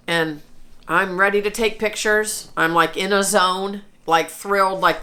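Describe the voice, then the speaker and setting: A woman's voice: mid-range voice, steady tone, takes it slowly, sharp tone. A woman in her forties telling a personal story to camera, earnest and chatty, with frequent restarts. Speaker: vlogger.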